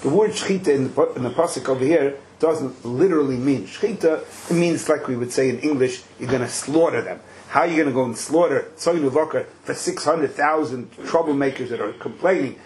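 A man's voice: mid-range voice, brisk, few pauses, a little mellow, a little hiss or hum, poor audio. A man leading a text study lesson, explaining with rhetorical questions and joking asides. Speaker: teacher leading a study class.

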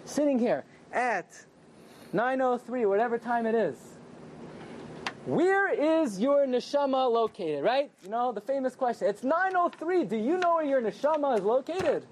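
A man's voice: very high voice, moderate pace, slight background noise. A man teaching an evening Torah class to a small live group, joking and firing questions at them. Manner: animated, questioning the audience and joking. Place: small room with a live audience.

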